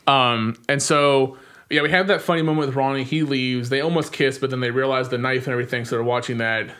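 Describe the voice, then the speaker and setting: A man's voice: mid-range voice, fairly even intonation, quick pace, fairly bright tone. A young man chatting casually on a podcast, animatedly retelling scenes, acting out quotes and laughing often.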